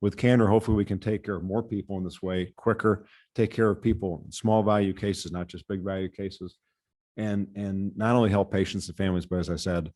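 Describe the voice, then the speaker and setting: A man with a notably low voice delivers prepared testimony before a committee. He speaks earnestly as a patient safety advocate from the US Midwest and often restarts on a repeated word. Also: steady tone, a little fast, darkish tone.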